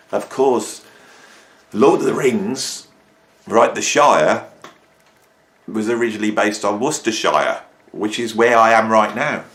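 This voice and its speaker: A middle-aged man chatting enthusiastically and jokily about his vinyl records at home. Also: fairly low pitch. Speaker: music YouTuber. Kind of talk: casual vlog chat. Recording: roomy echo.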